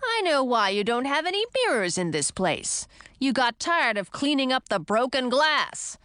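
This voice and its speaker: Audiobook: brash young frog prince voiced by a woman, mocking and lively, dry close sound. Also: medium pitch, measured pace, no echo, close to an everyday voice. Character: boastful whiny male frog prince. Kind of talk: audiobook character voice.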